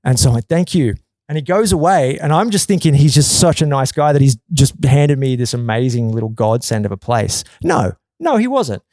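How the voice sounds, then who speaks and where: A man telling a long, animated story in a casual podcast chat, often swearing and acting out quotes in a loud, high voice. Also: a little fast, hardly any pauses, dry recording. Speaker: podcast guest.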